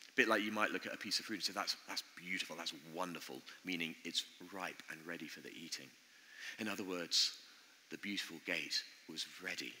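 A man's voice: low-pitched, pushed and bright, a little hiss or hum. Earnest preacher man in a reverberant church. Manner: earnest, conversational preaching with pauses. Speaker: pastor. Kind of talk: sermon. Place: church building.

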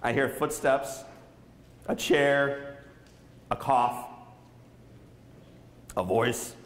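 With a medium-pitched voice and drawn-out words, a man in his thirties from the Saint Louis area delivers an inspirational keynote at a school. The motivational speaker dramatizes a story and quizzes the audience in the auditorium, where the recording echoes.

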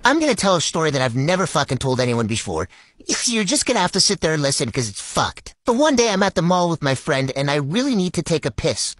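A man's voice: a little high, very animated, quick pace, a bit bright, dry recording. Man, crude storytime, constant swearing, talks straight to the listener, dry close sound. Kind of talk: casual storytime.

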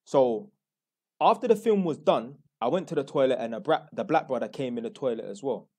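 A man's voice: medium pitch, expressive, fairly quick, a little mellow. Blunt slangy London man telling a story. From London, England. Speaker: YouTuber. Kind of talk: casual storytelling.

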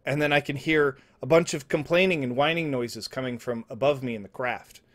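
A young man telling an absurd story in deadpan, rambling comedy style, with restarts and asides, sometimes dropping to mumbles and sometimes rising to loud outbursts. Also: mid-range voice, brisk. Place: indoor home setup, streaming.

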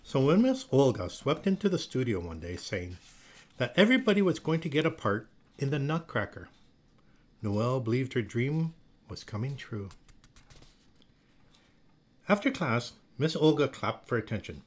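A man reading a children's picture book aloud in a slow, expressive storytelling manner. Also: mid-range voice. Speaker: storybook reader.

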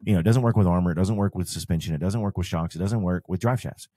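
A man's voice: deep voice, fast, dark tone, no echo, clean studio sound. A man, co-hosting a podcast and explaining off-road parts step by step in casual talk. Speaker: podcast host and off-road shop owner. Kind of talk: casual advice chat.

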